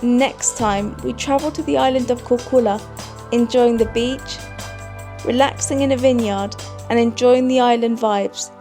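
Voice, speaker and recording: A woman from the UK narrating a travel vlog voice-over in a brisk, matter-of-fact way. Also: fairly high pitch, fairly even intonation, mellow, faint music behind. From United Kingdom.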